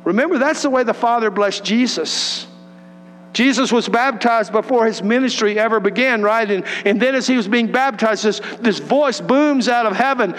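A man's voice: very high voice, normal speed, a bit bright. A man preaching a sermon as pastor, earnest and emphatic, building on repeated phrases. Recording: long hall reverb with faint mains hum.

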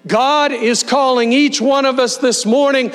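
A man pastor delivering a sermon, leading the congregation in slow, emphatic call-and-response. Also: very high voice, steady tone, fairly bright tone, clean tone. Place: church sanctuary. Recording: long hall reverb with mains hum.

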